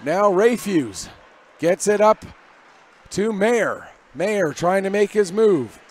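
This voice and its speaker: A man doing live hockey play-by-play commentary from above the ice, with rapid, energetic calls that rise on big plays. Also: high-pitched. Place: arena broadcast position above the ice.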